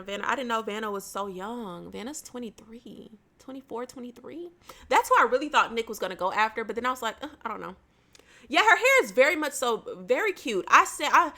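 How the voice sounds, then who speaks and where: A woman's voice: fairly high pitch, sharp tone. A young woman, chatting casually on a home livestream, laughing often and addressing viewers by name.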